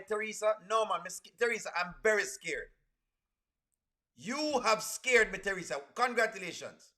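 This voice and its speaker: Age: adult. Sex: man. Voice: high, bright. Style: animated live reaction stream. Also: normal speed. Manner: animated, repeats exclamations over and over.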